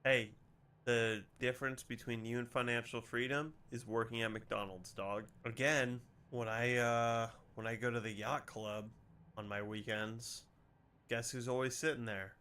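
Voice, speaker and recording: A man's voice: medium pitch, steady tone, measured pace, sharp tone. A man streaming from home, talking in a sarcastic, rambling way and swearing freely. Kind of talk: casual stream chat.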